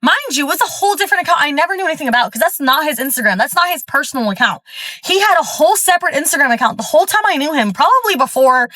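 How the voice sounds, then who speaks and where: A woman from Florida with a fairly high voice tells a story in a chatty, fired-up way, stuffing every sentence with fillers. She is recorded at a gym, and the sound is close and dry with no room echo. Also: lively intonation, very fast, bright, forceful tone. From Florida, USA. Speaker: storyteller vlogger. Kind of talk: casual storytime monologue.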